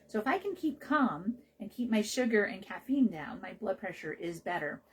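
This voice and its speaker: A woman's voice: medium pitch, very animated, normal speed, slightly rough, poor audio. A woman hosting a health radio show, talking casually about naturopathic care in a chatty, rambling way with many fillers and restarts.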